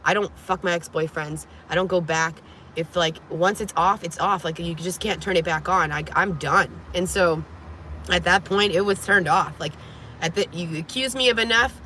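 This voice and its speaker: A woman vlogger telling a personal story to camera in a casual, animated way, frank and profane, with many "like"s, from inside a vehicle. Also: lowish voice, normal speed, slight background noise.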